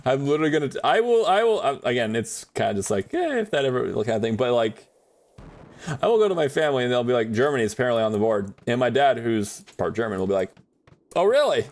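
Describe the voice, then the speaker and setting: A man on a live gaming stream talks loosely and at length, answering his chat in a rambling, animated way. His voice sits in an ordinary middle register, and he speaks into a desk microphone. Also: medium pitch, fast talker. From United States.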